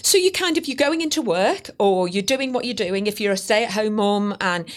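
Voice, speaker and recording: A woman's voice: medium pitch, lively intonation, normal speed. A woman chatting casually on a podcast, rambling and poking fun at herself. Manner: chatty, rambling, self-mocking. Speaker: podcast guest. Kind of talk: casual chat.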